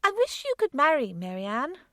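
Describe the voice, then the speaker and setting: A woman voicing an earnest, eager little girl of six in an audiobook, high and pleading. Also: wildly swooping pitch, moderate pace, sharp tone, no room sound, studio quality, heavily acted. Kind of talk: audiobook character voice.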